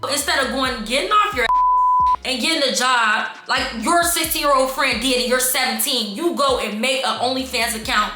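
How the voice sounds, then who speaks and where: A woman telling a storytime vlog to her viewers, animated and exasperated, calling them y'all. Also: high voice, normal speed. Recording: echoey room with faint background music.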